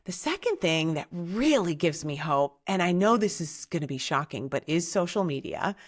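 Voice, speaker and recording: Lowish-voiced woman, tv co-host, gushing and chatty, lots of "like". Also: very animated, normal speed. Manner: enthusiastic, chatty, many "like"s. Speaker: guest, TV co-host. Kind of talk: casual interview chat.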